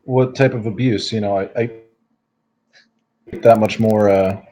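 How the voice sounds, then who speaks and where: A man's voice: lowish voice, fairly even intonation, a little slow, mellow, rough recording. A man playing his character at a tabletop game, talking in a hesitant, joking way. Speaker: player.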